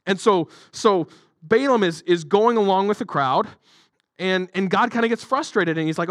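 A male pastor delivering a sermon in church, chatty and joking, full of fillers. His voice is high for a man. The sound is dry and close. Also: moderate pace, no echo. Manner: conversational, jokey, many fillers.

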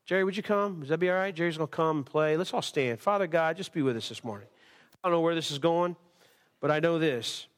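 A man's voice: a little high, fast talker. A male pastor preaching a sermon at a church service, impassioned, repeating words and restarting phrases.

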